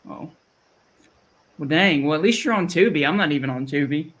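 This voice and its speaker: A man's voice: on the high side, lively intonation, normal speed, a bit bright. A man with a Southern US accent hosting a podcast, rambling and chatty, often restarting his sentences. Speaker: podcast host. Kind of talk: casual chat.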